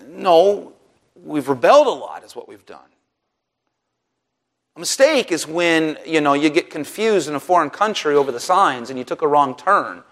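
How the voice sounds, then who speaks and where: A man delivers a sermon in a fairly high voice. He preaches with animation, pushing his pitch and volume up sharply to drive points home and slipping into sarcastic asides. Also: fairly bright tone. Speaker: pastor.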